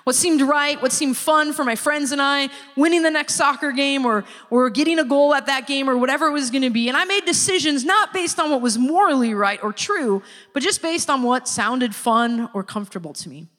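A woman giving a sermon-style personal testimony, a lively storyteller who acts out the people she quotes. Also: high-pitched, a little fast, hardly any pauses. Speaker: speaker giving a church testimony. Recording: long reverb of a large hall.

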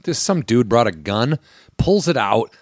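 A man's voice: medium pitch, very animated, unhurried, no room sound, studio quality. A man telling stories in casual chat, joking and profane.

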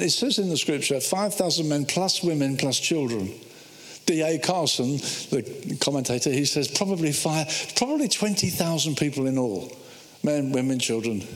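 A man preaching a sermon, telling Bible stories with energy and acting out the voices of the people in them. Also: on the high side. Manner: animated storytelling, acting out biblical voices. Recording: echoey hall.

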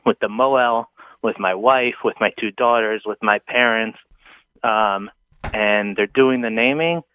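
A man's voice: lowish voice, unhurried, clean tone, no room sound. Rambling man on a tinny phone line. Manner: rambling, hesitant, lots of fillers. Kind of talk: casual phone-in storytelling.

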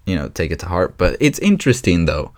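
A man hosting his own podcast in a casual solo chat, rambling and excitable with many fillers and restarts. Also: low-pitched, brisk, no room sound, clean studio sound. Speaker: podcast host.

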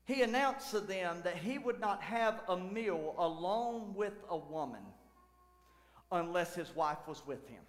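High-voiced fervent preacher man, echoey church. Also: animated, measured pace. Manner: fervent preaching that swings from loud exclamations to low asides. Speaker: lead pastor. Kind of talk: sermon. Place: church sanctuary. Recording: echoey church hall with long reverb.

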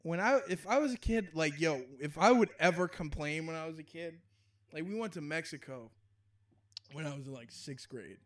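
A relaxed young man with a slightly higher voice talks casually, swearing freely and breaking into laughter along the way. His delivery is loose and offhand. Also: moderate pace. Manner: laid-back, profane, laughs often. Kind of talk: casual chat.

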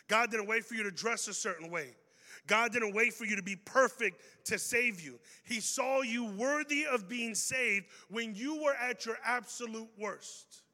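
A man preaching a youth sermon in a large hall, animated and acting out quoted people with humor. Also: high voice. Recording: long reverb of a big hall.

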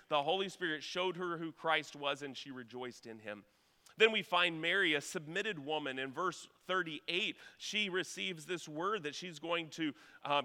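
Guy preaching in church, bright ringing voice, kinda high, echoey hall. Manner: earnest storytelling, rising to urgent exhortation. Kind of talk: sermon.

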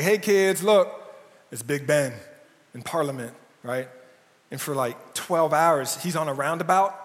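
Male pastor, casual and jokey, slightly high voice, long church reverb. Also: fairly bright tone. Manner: casual and jokey, often asks "right?". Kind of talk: conversational sermon. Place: church sanctuary.

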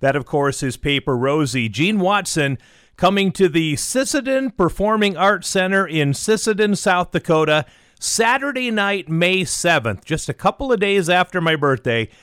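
A man's voice: high voice, very animated, moderate pace, a bit bright, clear, resonant tone, dry recording, clean studio sound. A man hosting a classic country radio show, reading dates and song facts in upbeat, chatty announcer patter. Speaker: radio host. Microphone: close studio microphone.

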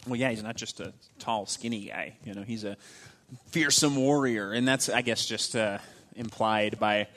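A man with a lowish voice at normal speed teaches a casual Bible lesson, reading passages aloud and explaining them conversationally. His delivery is loose, full of fillers, and phrase endings drop off quietly.

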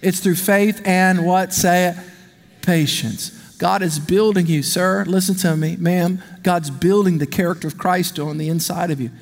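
High-voiced preacher in a big reverberant hall. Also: male voice, a little slow, creaky. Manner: animated, conversational, calls out to the congregation. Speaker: pastor. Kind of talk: sermon. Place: large church hall.

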